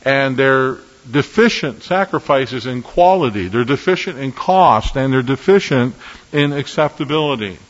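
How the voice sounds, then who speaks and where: A man preaching an earnest, emphatic sermon with measured pauses as a pastor. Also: mid-range voice, expressive, big-room sound, muffled recording.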